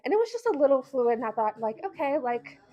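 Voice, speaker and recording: A woman vlogger telling a story to camera in a lively, casual way, laughing often and using lots of filler words. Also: high-pitched, racing, no echo, highs cut off. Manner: animated, breaks into laughter, many filler words.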